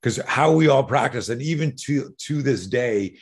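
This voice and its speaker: Husky man, self-defense teacher, animated storyteller who swears freely. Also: medium pitch, normal speed. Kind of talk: conversational storytelling.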